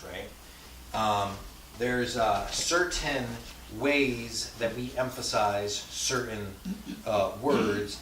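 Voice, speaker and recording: A man's voice: medium pitch, a bit bright. Man, teacher, casual classroom lecture, recorded from across a roomy hall, slight hiss. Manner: conversational, with frequent fillers and rhetorical checks. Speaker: language teacher. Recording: echoey classroom from far off, faint hiss.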